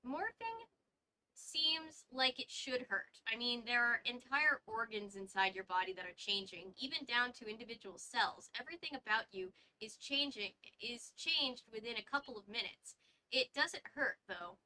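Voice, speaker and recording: A woman hosts a casual book read-along, reading aloud with stumbles and chatty side comments. Her voice is a little high, bright and forceful at a moderate pace, on a rough recording with slight background noise.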